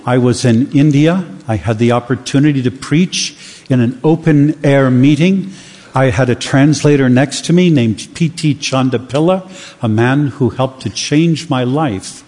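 A man's voice: mid-range voice, measured pace, a little mellow, long reverb tail. A man preaching a sermon, earnest and building to emphatic questions.

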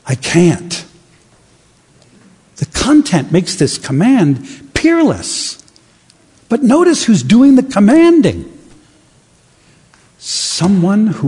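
A man preaching a sermon with dramatic, emphatic pauses. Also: on the high side, dark tone, husky. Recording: long reverb of a large hall.

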